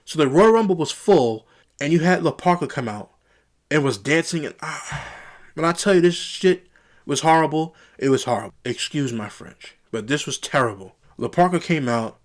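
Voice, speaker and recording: A man's voice: fairly high pitch, expressive, moderate pace. Young male reviewer, solo rant, exasperated and rambling. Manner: exasperated, rambling, repeats himself. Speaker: wrestling show reviewer.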